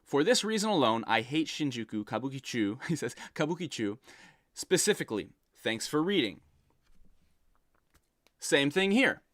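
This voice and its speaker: A man reads out viewer messages and rants about them in an animated, exasperated way, as a reaction commentary. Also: fairly high pitch, normal speed, long pauses, dry recording, clean studio sound. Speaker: content creator reading viewer messages.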